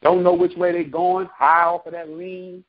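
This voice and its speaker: A man's voice: sits high, little pitch movement, normal speed, narrow, tinny audio. A man preaching from scripture, reading verses aloud and breaking into casual slangy commentary. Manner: reads verses then breaks into slangy asides. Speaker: street preacher.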